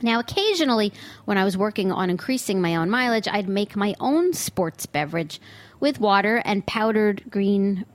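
A woman's voice: mid-range voice, lively intonation, moderate pace, slight background noise. Exasperated woman podcast host ranting. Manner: exasperated, sarcastic, outbursts of disbelief. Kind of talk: opinionated solo podcast monologue. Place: studio booth. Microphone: studio microphone.

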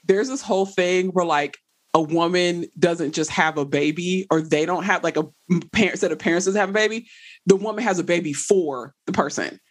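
Animated woman telling stories. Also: on the low side. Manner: animated, laughs while telling stories, Southern slang. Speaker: guest. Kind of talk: casual conversation.

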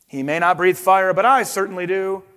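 Storybook dragon dad, proud, stern, read by a man in his own fairly high voice. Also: animated, brisk, big-room sound, close to an everyday voice.

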